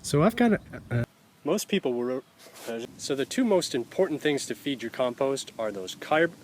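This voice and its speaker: A man's voice: mid-range voice, lively intonation, normal speed, a little hiss or hum. A man hosting a gardening channel, stumbling over his lines, restarting and laughing at himself. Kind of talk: blooper reel of casual garden vlogging.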